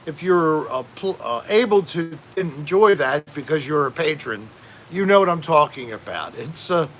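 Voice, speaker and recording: A man's voice: a little high, lively intonation, normal speed, a bit bright, a little hiss or hum. A man hosting a casual home livestream, rambling and joking while reading out chat names. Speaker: livestream host.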